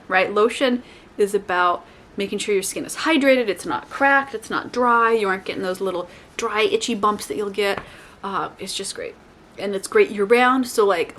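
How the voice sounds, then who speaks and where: A woman vlogger talking casually to the camera, rambling and correcting herself, with lively, playful asides to her viewers. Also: a little high, a little hiss or hum. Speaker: lifestyle vlogger. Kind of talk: casual chatty advice to camera.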